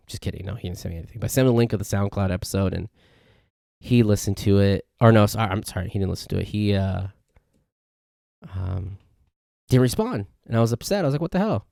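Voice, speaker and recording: Dude rambling on his solo podcast, gravelly and kinda dark, dry mic sound. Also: on the low side, dry recording. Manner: rambling, self-correcting storytelling. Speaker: podcast host. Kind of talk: casual solo podcast rant.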